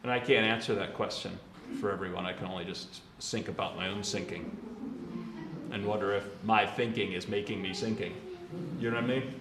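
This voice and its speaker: A man's voice: fairly low pitch, steady tone, brisk, reverberant, background noise. A man, a Catholic priest, giving a casual, conversational homily with slangy asides and laughs.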